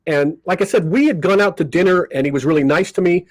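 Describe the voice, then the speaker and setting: This older man talks fast in a high voice, a comedy magician guest on a podcast who animatedly acts out the people he quotes while spinning casual stories. There's no echo, but the recording is low quality.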